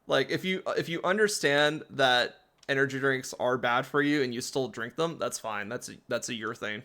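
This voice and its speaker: A man's voice: medium pitch, normal speed, sharp tone. A man giving casual, rambling commentary while playing a game, often laughing.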